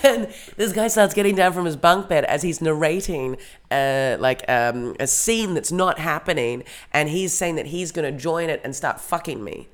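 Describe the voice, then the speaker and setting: A woman's voice: deep voice, normal speed. A woman telling a story in casual podcast chat, rambling with lots of fillers and restarts. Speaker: podcast co-host.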